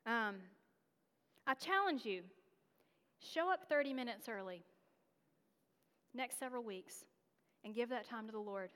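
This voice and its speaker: A woman's voice: on the high side, animated, measured pace, pauses often, fairly bright tone, big-room sound. A woman from North Carolina giving a storytelling sermon, candid and conversational, with self-deprecating asides. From North Carolina, USA. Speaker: guest preacher.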